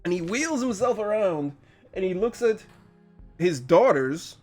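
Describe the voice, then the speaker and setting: A man hosting a casual episode reaction review, chatty and quick with frequent laughs. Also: high-pitched, lively intonation, a little mellow, faint music behind. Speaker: channel host.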